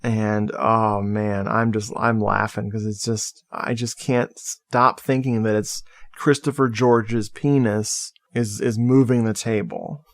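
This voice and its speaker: A man's voice: fairly low pitch, flat delivery, takes it slowly, no echo. Jokey man recapping a movie, dry sound. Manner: jokey, laughs at his own jokes. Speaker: podcast co-host. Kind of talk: casual movie-recap chat.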